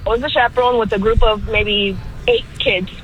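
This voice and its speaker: A woman's voice: fairly high pitch, steady tone, normal speed, narrow, tinny audio, slight background noise. A woman teacher calling in to a radio show, telling a story in a firm, matter-of-fact way. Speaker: caller, teacher. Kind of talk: phone-in story.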